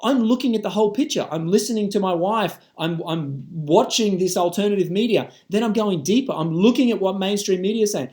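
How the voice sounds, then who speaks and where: A man's voice: high-pitched, a little fast, few pauses, a little mellow. An Australian man in an impassioned monologue to camera, emphatic and swearing casually.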